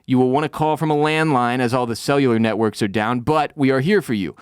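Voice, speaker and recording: A man putting on the voice of a calm, overly polite middle-aged male official, speaking in a soothing, reassuring way while retelling a scene. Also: medium pitch, fast talker, smooth, no room sound, studio quality, close to an everyday voice. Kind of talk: acted quote in a podcast recap.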